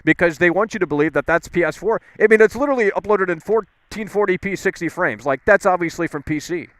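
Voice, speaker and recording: A man hosting a live call-in show outdoors in the cold, talking loudly and arguing with callers. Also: high-pitched, fast, no room sound. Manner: loud, ranting, combative. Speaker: live stream host taking calls.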